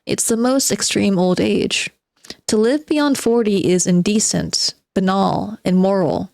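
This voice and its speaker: A woman's voice: mid-range voice, a little slow, vocal fry, dry recording, studio quality. A woman reading aloud as a spiteful, bitter forty-year-old male recluse who sardonically lectures his listeners. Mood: sardonic. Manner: sardonic, self-mocking monologue addressed to "gentlemen".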